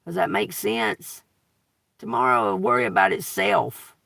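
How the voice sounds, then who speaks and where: In studio-quality audio with no room sound, a man's high, bright voice swings hugely in pitch, unhurried, with vocal fry and a forceful tone. He's a tarot reader on a livestream, reading scripture and riffing on it casually while asking "okay?" over and over. He preaches emphatically, swearing and laughing.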